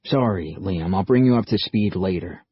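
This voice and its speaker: A man doing a quiet, measured older man. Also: sits low, husky, no echo. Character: older man, calm and thoughtful. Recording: muffled dull recording.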